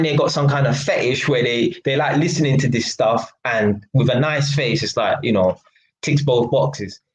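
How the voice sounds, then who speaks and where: A man's voice: mid-range voice, dull audio. Blunt young man with slang. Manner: blunt and mocking, London slang, frequent laughs. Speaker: live stream host. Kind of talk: casual live stream chat. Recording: echoey room.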